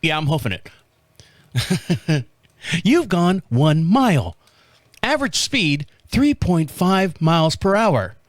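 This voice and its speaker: A man's voice: fairly high pitch, sing-song, takes it slowly, long pauses, dry recording, studio quality. A man in his fifties hosting his own show, telling a rambling story in casual talk. He swears freely and laughs often at his own stories. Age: 50s. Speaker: podcast host.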